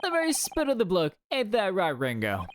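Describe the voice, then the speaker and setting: A streamer voicing a pair of cocky criminal brothers from a game, with slangy, drawn-out speech. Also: medium pitch, wildly swooping pitch, slight background noise, pitched above the performer's own voice. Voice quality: gruff put-on Cockney slang, drawn out. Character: rough lowlife cockney criminal brothers, cocky. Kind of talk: reading game dialogue aloud in voices.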